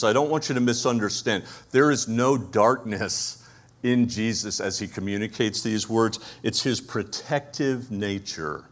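A man with a Brooklyn accent preaching a conversational sermon, asking his listeners rhetorical questions. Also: low voice. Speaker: pastor.

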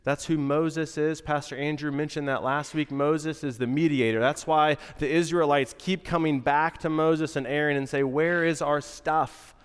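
A male pastor with a stuffy, nasal voice from a cold, preaching in a relaxed, conversational way with asides. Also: fairly high pitch, normal speed, few pauses, clear, resonant tone, big-room sound. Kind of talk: sermon.

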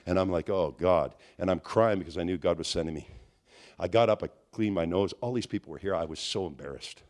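A man preaches a charismatic sermon in a storytelling style at a quick pace. His fairly low voice climbs to high, excited near-shouts at the peaks, and he shifts between quiet asides and loud emphasis.

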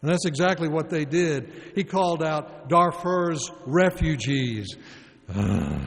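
Pastor guy preaching slow, sighs a lot between lines, big echoey church. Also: on the high side, gravelly. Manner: slow, measured preaching with long sighing pauses. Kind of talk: sermon. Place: church sanctuary. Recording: long reverb of a large church.

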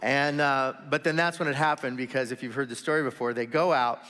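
A man's voice: mid-range voice, steady tone, bright, forceful tone. Pastor man preaching in a reverberant hall. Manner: conversational storytelling with asides and quick put-on voices. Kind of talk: sermon. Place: church sanctuary. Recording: long reverb of a large hall.

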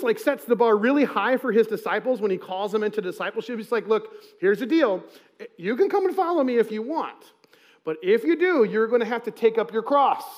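A male pastor delivers a sermon in a conversational, earnest way. His voice sits notably high for a man, and he slips into quoted asides as he talks. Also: darkish tone.

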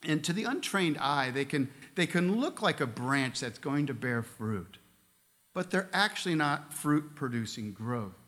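A man's voice: on the high side, lively intonation, measured pace, a bit bright. A man preaching a sermon as a pastor, earnest, with casual asides and light humor.

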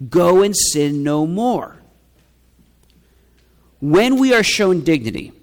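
A man's voice: sits high, in a large hall. A man preaching a sermon as a pastor, earnest and rhetorical, driving points home by repeating lines.

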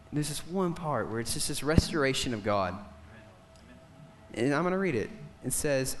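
A young man preaching a sermon, telling a story with passion and swinging from loud declarations to hushed moments. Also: fairly high pitch, animated, a little fast, a little hiss or hum.

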